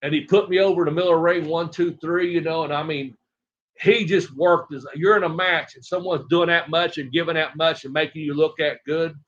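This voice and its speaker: A middle-aged man from Tennessee, a retired wrestler telling rambling, animated stories as an interview guest and acting out other people's lines. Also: a little high, fairly quick. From Tennessee, USA. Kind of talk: casual storytelling interview. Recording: dull lo-fi audio.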